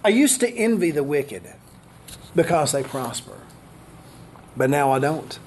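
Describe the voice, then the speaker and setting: High-voiced older man preaching. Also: expressive, measured pace, darkish tone, a little hiss or hum. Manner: preaching with repeated rhetorical questions. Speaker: pastor. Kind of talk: sermon.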